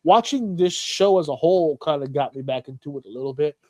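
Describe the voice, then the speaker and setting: A man co-hosting a podcast, telling a story in casual chat with lots of swearing and animated excitement. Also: on the high side, a little fast, no echo. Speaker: podcast co-host.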